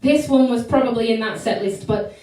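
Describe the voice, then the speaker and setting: A bubbly woman performer chats directly with her live-stream audience as she introduces songs, her voice a little high, mellow and a little fast. The sound comes from a distant mic in a very echoey room over backing music.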